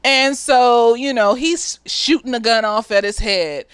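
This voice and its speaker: A woman talking casually and profanely as she recaps a TV episode, slightly tipsy, often laughing and jumping into high squeaky voices for the characters. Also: a little slow, a bit bright, smooth, no room sound. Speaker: therapist reviewing a TV episode.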